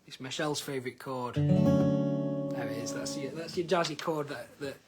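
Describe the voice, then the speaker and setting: A singer-songwriter hosts a casual livestream from his living room, greeting viewers by name and reading them out with lots of hesitant ums. His voice is mid-range and he speaks at a normal speed, with a guitar in the background.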